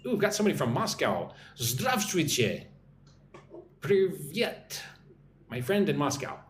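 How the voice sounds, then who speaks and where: A man teaching English on a live stream, chatting as he reads out viewer comments and explaining slang with slow example sentences. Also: on the high side, big pitch swings. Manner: chatty, reads viewer comments aloud and greets them in their languages. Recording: roomy echo with faint background hum.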